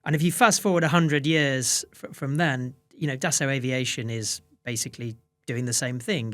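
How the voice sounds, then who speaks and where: A man's voice: mid-range voice, a bit bright, dry recording. A man, a fund manager, answering interview questions with many restarts and fillers. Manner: hesitant restarts, many "you know"s.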